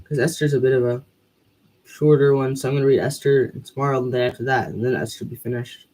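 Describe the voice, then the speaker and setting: A man's voice: medium pitch, steady tone, fast talker, darkish tone, low-quality recording. A man who is losing his voice reads scripture aloud, then sums it up in a rambling way full of fillers. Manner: rambling, filler-heavy summary. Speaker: Bible reading channel host. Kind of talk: scripture reading and casual recap.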